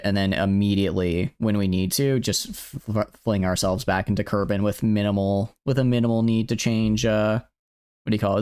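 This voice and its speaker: A man's voice: lowish voice, darkish tone, smooth. A man streaming a video game in casual live commentary, thinking aloud and tripping over words as he restarts.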